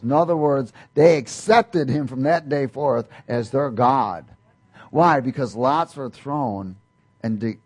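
Husky-voiced man preaching a sermon. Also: a little mellow. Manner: reads scripture aloud, rising in pitch for quoted speakers, with light laughs. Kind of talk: sermon with scripture reading.

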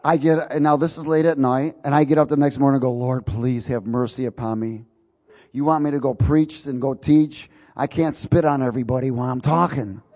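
A man's voice: medium pitch, fairly even intonation, a little fast, a little mellow, muffled recording. Folksy man preaching in a reverberant hall. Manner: folksy, chuckling storyteller. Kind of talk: sermon with personal story.

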